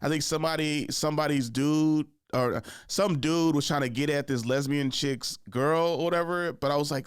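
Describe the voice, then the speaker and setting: A man's voice: a little high, fairly even intonation, normal speed, few pauses, smooth, no room sound, studio quality. A young adult man hosting a podcast, telling a casual story in loose, profane, laid-back slang. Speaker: podcast host.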